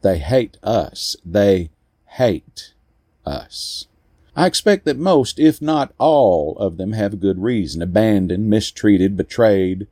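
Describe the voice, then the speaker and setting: A man narrating a first-person story in a slow, deliberate way with weighty pauses. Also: lowish voice, dark tone, dry recording, studio quality.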